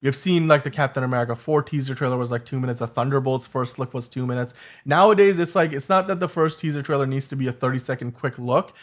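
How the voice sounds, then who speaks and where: A man hosting a casual fan podcast, talking in a rambling, animated way with lots of fillers and restarts. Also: mid-range voice, quick pace, few pauses, dull audio. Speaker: show host.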